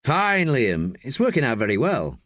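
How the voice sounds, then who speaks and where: A man's voice: mid-range voice, huge pitch swings, moderate pace, fairly bright tone, no echo, studio quality. A man voicing a reserved young male student who speaks carefully. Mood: guarded. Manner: careful, restrained.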